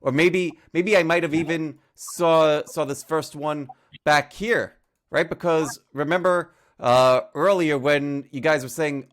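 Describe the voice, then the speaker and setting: A man's voice: fairly high pitch, measured pace, fairly bright tone. A male trading educator explaining chart setups on a casual livestream, talking through examples with homely analogies and frequent fillers.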